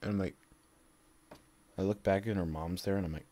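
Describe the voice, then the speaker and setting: A man's voice: low-pitched, steady tone, fairly quick, warm tone. A man telling a rambling comic story, acting out both sides of each exchange in exaggerated voices and laughing at his own tale. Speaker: video creator.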